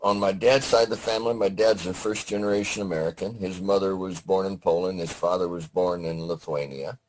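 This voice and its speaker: An older man with a very low, rumbling voice tells family stories in an unhurried, halting way, stopping often to search for words. He joins the interview remotely, and a faint hiss of noise sits under his voice. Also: steady tone, darkish tone, low-quality recording. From Detroit, Michigan. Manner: slow, halting recollection with many pauses and fillers. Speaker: guest, Vietnam veteran. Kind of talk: storytelling interview. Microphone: remote audio call.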